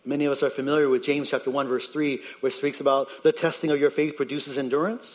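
A man preaching a sermon as pastor, earnest and emphatic, rising on key points and dropping low and quiet on others. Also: level tone, fast talker, long reverb tail, muffled recording.

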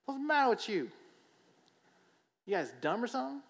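A preacher putting on a shrill, jeering man scolding fools. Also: sing-song, moderate pace, gravelly, full character voice. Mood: scornful. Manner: shouted, mocking. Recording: long hall reverb.

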